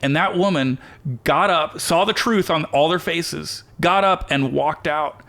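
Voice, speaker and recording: A man telling a story on a podcast, quick and excited. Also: on the high side, creaky. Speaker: guest. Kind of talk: casual storytelling.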